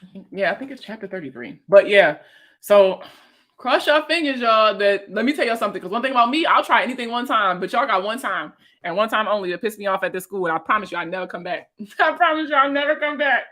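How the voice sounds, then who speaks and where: A woman's voice: mid-range voice, lively intonation, quick pace, fairly bright tone. A woman rambling casually on a livestream, talking in a loose and profane way and laughing often. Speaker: personal finance creator and veteran.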